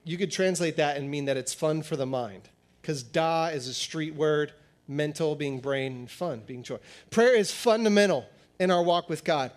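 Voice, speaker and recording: A pastor giving a sermon in a conversational, animated style, acting out little dialogues as he teaches. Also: a little high, normal speed.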